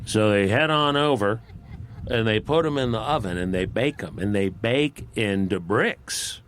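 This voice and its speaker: A man telling a fable at a live campfire gathering outdoors, in a folksy, unhurried, conversational way. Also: lowish voice, animated, fairly bright tone. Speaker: storyteller. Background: faint outdoor ambience.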